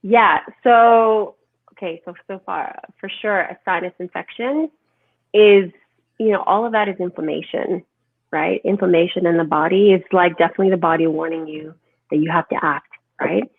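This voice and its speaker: A woman speaking as a holistic health guest in an animated, emphatic conversational interview, often asking "right?". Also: on the low side, normal speed, creaky, breathy edge, no echo. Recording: tinny phone-like line, dry.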